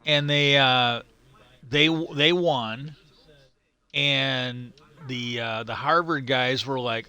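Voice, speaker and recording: A middle-aged man talks on a live game stream in a relaxed, rambling way, often circling back and restarting his sentences. His voice sits at an ordinary pitch but has a bright, forward edge. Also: slow, clear, resonant tone. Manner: rambling, stop-start storytelling. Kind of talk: casual live-stream chat while gaming.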